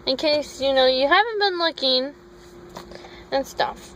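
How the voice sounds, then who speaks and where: Her high-pitched, slightly bright voice moves a little slowly as this vlogger from Minnesota wanders through a lengthy story, veering off topic and stopping to fix what she said. Audio quality is poor: it's a phone recording with a low hum of noise underneath.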